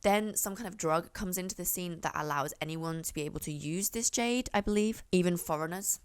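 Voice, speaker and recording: A woman's voice: lowish voice, a little fast, smooth. A young woman chatting casually to camera as a book reviewer, rambling and often correcting herself.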